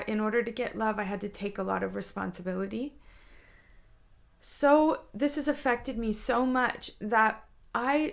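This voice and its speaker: A woman's voice: on the high side, gravelly. A woman, a mother, giving an intuitive spiritual guidance talk, confiding and emotional, often repeating herself and at times teary. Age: adult, a mother.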